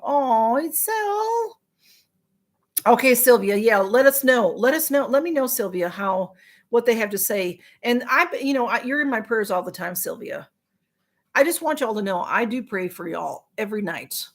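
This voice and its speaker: Chatty, sympathetic woman livestreamer. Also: mid-range voice. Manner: chatty and sympathetic, with frequent ums and restarts. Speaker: livestream host reading viewer comments. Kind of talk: casual live-stream chat.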